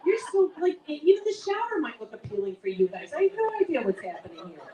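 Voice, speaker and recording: A woman in her thirties doing stand-up as the show's host, her voice high yet mellow. She tells stories in animated bursts with laughs. The sound is roomy and echoey, caught from a mic set some distance away. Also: quick pace, highs cut off, some chatter behind. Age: 30s. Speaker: comedy show host. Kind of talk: stand-up comedy.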